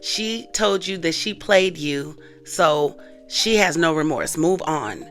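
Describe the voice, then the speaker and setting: A woman hosting a channel, casually retelling a skit and talking straight to her viewers, with soft music underneath. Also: deep voice, lively intonation, slow. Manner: chatty, addresses viewers directly. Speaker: host recapping skits. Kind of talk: casual storytelling recap.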